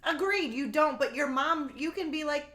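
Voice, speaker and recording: A woman's voice: sits high, moderate pace, fairly bright tone. A woman in her forties, co-hosting a casual podcast chat, blunt and teasing, swearing freely. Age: 40s. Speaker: podcast co-host.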